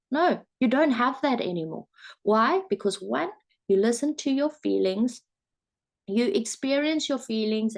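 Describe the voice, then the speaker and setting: A woman's voice: mid-range voice, vocal fry, a little mellow. A woman life coach teaching in a webinar, talking conversationally and guiding breathing exercises with spoken counts.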